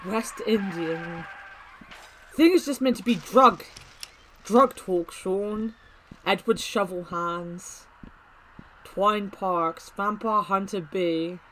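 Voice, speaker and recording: A woman's voice: medium pitch, slow, pauses often, fairly bright tone, a little hiss or hum, low-quality recording. A woman streaming a horror game, reading its dialogue aloud and making offhand remarks in casual commentary.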